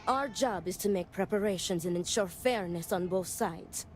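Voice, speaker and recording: An actress playing an earnest woman who speaks in a measured, formal way. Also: on the low side, slight background noise, natural voice. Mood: explanatory. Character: calm, earnest adult woman, duel second.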